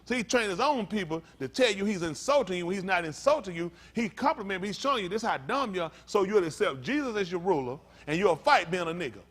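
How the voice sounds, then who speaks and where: A male pastor preaching a teaching sermon. He talks with lively emphasis, acts out the voices he quotes, and reads aloud haltingly. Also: high-pitched.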